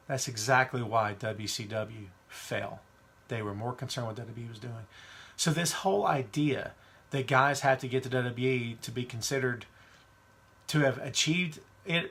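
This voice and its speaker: A slightly fast, creaky male voice of medium pitch with a fairly bright tone. The podcast host runs a wrestling show, keeping things casual and opinionated while reading questions viewers post in the live chat.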